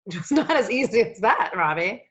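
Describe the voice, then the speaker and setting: A woman guest on a coaching podcast, telling personal stories in an animated, emotional way, swearing freely and rambling as she goes. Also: mid-range voice, normal speed, breathy edge. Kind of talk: casual storytelling conversation.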